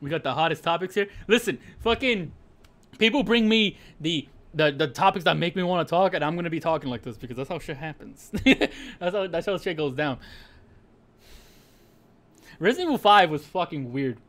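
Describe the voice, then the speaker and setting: A young man chats over his game stream, ranting and laughing with plenty of swearing. His voice sits high and bright, and it leaps around constantly as he gets worked up. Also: expressive, normal speed. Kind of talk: casual gaming stream chat.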